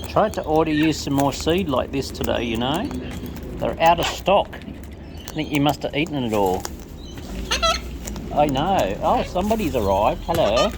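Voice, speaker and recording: Slow, coaxing woman. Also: deep voice, big pitch swings. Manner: coaxing, sing-song baby talk to birds. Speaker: bird feeder vlogger. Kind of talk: casual talk to wild birds. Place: outdoors among wild birds. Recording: outdoor noise with bird sounds.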